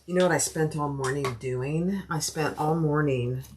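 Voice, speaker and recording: A woman's voice: low voice, normal speed, background noise. A woman hosting a sewing livestream, chatting casually and thinking aloud as she cuts out fabric pieces and greets viewers by name. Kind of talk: casual livestream chat while cutting fabric.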